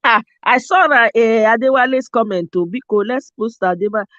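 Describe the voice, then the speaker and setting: An animated Nigerian woman chats as a host, her accent strong and her delivery full of pidgin turns. The sound is dry and slightly muffled, like a low-fi setup. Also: moderate pace, dry recording. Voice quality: animated, mixes pidgin and Yoruba phrases. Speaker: show host. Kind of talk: casual chat.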